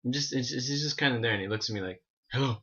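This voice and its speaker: A man tells a story to his vlog camera at home, rambling and animated and often restarting his sentences. His voice is bright and pointed. The recording sounds dull and lo-fi. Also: medium pitch, very fast, slightly rough. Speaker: vlogger.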